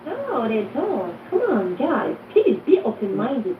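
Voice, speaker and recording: A French-speaking woman talking English with a foreign accent in a casual group voice chat, eager and pleading as she pitches trips. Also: sing-song, slow pace, distant mic. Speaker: tour organizer in a voice chat room. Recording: tinny, echoey phone audio with noise.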